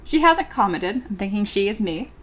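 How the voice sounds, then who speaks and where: A young woman's mid-range, sing-song voice moves at a moderate pace as she sculpts live on stream. She's chatty and giggly, filling her talk with fillers while reading comments from viewers aloud.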